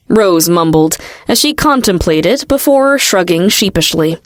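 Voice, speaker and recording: A woman narrating a fantasy audiobook in a steady, expressive storytelling manner. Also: mid-range voice, measured pace, few pauses, no echo, clean studio sound. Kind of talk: scripted narration.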